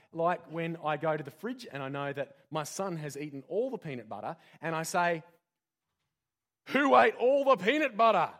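A pastor giving a conversational sermon full of rhetorical questions. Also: male voice, a little high.

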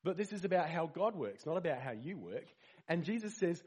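A man's voice: sits high, fairly quick, slightly rough. A man giving a conversational sermon, asking the listeners questions and stressing key words. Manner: conversational, rhetorical questions, animated emphasis. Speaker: preacher.

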